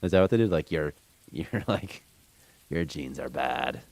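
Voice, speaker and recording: Deep-voiced man ranting casually. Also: expressive, unhurried, gravelly, darkish tone, a little hiss or hum. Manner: opinionated, rambling, reading chat aloud. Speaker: game developer streamer. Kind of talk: casual rant on a live stream.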